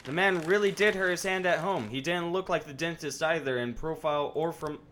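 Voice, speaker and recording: Young guy streaming a game, kinda high bright voice, rambles n jokes to himself. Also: a little fast, a little hiss or hum. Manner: joking, rambling, talks to himself while playing. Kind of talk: casual live gameplay commentary. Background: faint game music.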